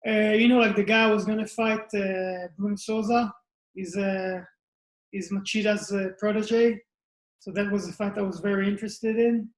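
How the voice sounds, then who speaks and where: A man's voice: sits high, flat delivery, normal speed. A man, a fighter answering interview questions in plainspoken short phrases. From Israel. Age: 20s. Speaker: mixed martial arts fighter. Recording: echoey room.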